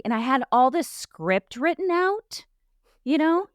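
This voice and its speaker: A woman's voice: fairly high pitch, big pitch swings, unhurried, clear, resonant tone, no echo. A woman podcast host and life coach in a casual chat, telling personal stories in a candid, reflective way with frequent restarts.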